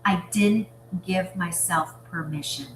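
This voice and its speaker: A woman's voice: on the low side, slow pace, a little hiss or hum. Earnest woman guest in an echoey room. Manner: earnest, reflective, explanatory. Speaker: guest, business leader. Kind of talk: conversational interview. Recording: roomy echo.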